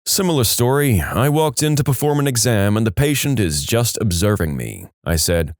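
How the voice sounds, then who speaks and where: A man's voice: lowish voice, very animated, moderate pace, few pauses, no room sound. A man reading funny reader-submitted stories aloud in a scripted narration with a dry comic delivery.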